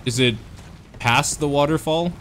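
A man's voice: a little high, unhurried, fairly bright tone, slight background noise. A man giving casual gaming commentary in a dry, wry, sarcastic way. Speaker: co-op gamer.

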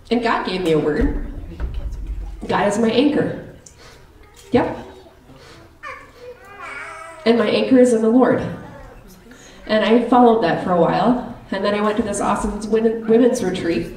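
A woman giving an earnest, personal sermon in a church, slow and reflective. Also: on the high side, a little mellow. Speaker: lay preacher. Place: church sanctuary. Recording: roomy church hall, distant mic.

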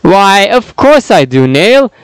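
A man's voice: high-pitched, big pitch swings, slow, smooth, dry recording, heavily acted. A man voicing an eager male explorer zombie who brags about his gear. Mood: chirpy.

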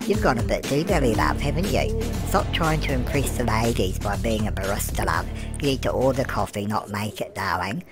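Here the gameplay commentator, a man with a lowish, sing-song voice at a normal speed, slips into the role of a gossipy, cheeky old British granny. Over background music she fusses over a life-sim game, calls everyone "love," and replies to her own questions in this comic let's-play.

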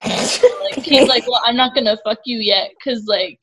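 A woman's voice: fairly high pitch, wildly swooping pitch, unhurried, fairly bright tone, slight background noise, rough recording. A woman on a video call summarizing a story in a rambling, amused way, full of fillers. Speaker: participant in a group reading. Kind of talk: casual chat.

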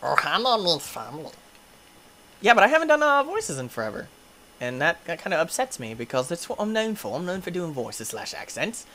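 A young man hosting a gaming video, giving excitable play-by-play commentary, often yelping, screaming at in-game injuries and laughing. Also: sits high, fairly quick. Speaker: gaming channel host.

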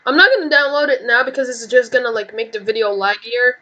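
A young woman hosting casual game commentary, loud and excitable, swearing often as she plays. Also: on the high side, fast, highs cut off. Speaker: gaming channel host.

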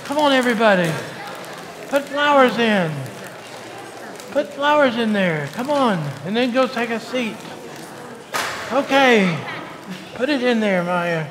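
A man's voice: very high-pitched, expressive, measured pace, long pauses, big-room sound, crowd noise. A male pastor giving a coaxing, call-and-response children's sermon in a church. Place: church sanctuary.

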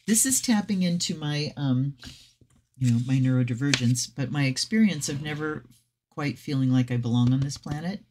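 A woman's voice: deep voice, lively intonation, moderate pace, a little mellow, a little hiss or hum. Chatty woman tarot reader, swearing. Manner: chatty and effusive, swearing, with frequent personal asides. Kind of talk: casual deck review reading aloud from a guidebook.

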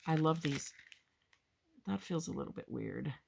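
A woman hosting a crafting haul video, chatting casually and gushing with excitement, often calling her viewers "guys". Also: deep voice, unhurried, gravelly, slight background noise. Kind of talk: casual show-and-tell haul chat.

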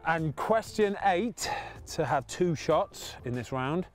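A man hosting a football shootout quiz with a lively, bouncing voice pitched a bit high. He teases the players between questions in loose banter, with faint music running under the talk. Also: takes it slowly. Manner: teasing, reads quiz questions aloud. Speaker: goalkeeper host running a football challenge. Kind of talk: casual banter and quizmaster.

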